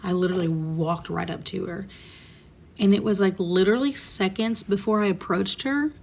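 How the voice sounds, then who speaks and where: Woman, 30s, vlog storyteller, candid and emotional, gravelly edge. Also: mid-range voice, normal speed, darkish tone. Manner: candid, emotional, drops into whispers. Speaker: vlogger. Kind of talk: casual storytime monologue.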